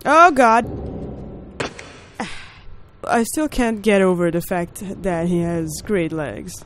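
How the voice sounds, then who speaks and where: A woman hosting a let's play video, reacting excitably and talking to the character on screen. Background hum runs through the noisy recording. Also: fairly low pitch, takes it slowly. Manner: excitable, talks to the game character, yells in panic. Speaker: gaming video host.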